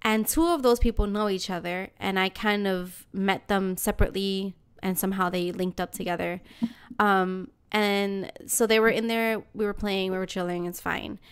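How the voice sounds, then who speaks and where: A woman's voice: medium pitch, moderate pace, clear, resonant tone. A woman, hosting a podcast and telling a story in casual chat, ranting and swearing freely. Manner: animated ranting, swears a lot. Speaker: podcast host.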